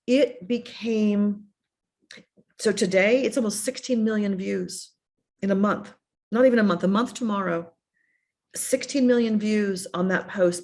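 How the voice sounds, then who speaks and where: A woman's voice: medium pitch, darkish tone. A middle-aged woman from the United States, a bereaved mother speaking earnestly in an interview and often voicing remembered messages. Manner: earnest, repeats herself, voices remembered messages. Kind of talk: emotional personal storytelling.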